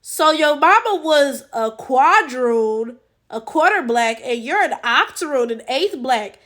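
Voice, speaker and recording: A woman's voice: high voice, expressive, slow, fairly bright tone. A woman giving blunt, profane, incredulous reaction commentary full of rhetorical questions. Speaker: reaction channel host.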